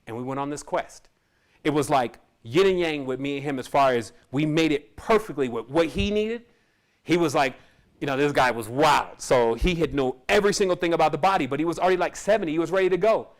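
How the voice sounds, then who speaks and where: A man's voice: on the high side, brisk. A man who teaches spirituality, telling his own story in a casual, rambling monologue and laughing often.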